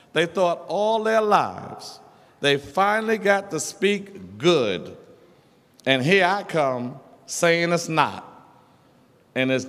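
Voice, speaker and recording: A man delivers a preacherly speech to a conference crowd. His voice sits high and his pace is slow and deliberate, stretching key words. The sound carries the long echo of a large hall. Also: fairly bright tone. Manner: preacherly, rhythmic, drawn-out emphasis with asides to the crowd. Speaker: conference speaker. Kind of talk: impassioned speech to an audience. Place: college auditorium. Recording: echoey hall.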